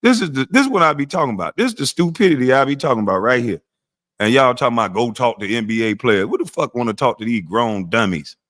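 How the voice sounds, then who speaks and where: A man's voice: mid-range voice, expressive, fast, fairly bright tone. A man in the middle of a heated live-stream rant, speaking in an ordinary mid-range voice. He curses freely and mocks his critics bluntly. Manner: profane, mocking, blunt. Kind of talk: ranting monologue on a live stream.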